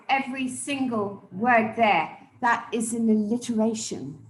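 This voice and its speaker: A woman coaching public speakers live, emphatic and deliberate, often repeating key words for stress. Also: fairly high pitch, lively intonation, reverberant, slight background noise, rough recording. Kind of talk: live speech evaluation to an audience.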